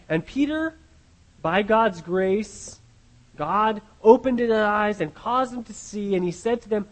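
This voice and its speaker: A man's voice: high voice, a little slow, rough recording. A man preaching a sermon as pastor, earnest and often repeating words as he restarts his phrases.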